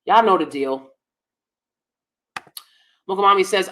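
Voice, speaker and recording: A woman with a fairly low voice hosts a laid-back livestream, reading out viewer comments. She talks in an emphatic, opinionated way and repeats points for stress. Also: unhurried, a bit bright. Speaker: host.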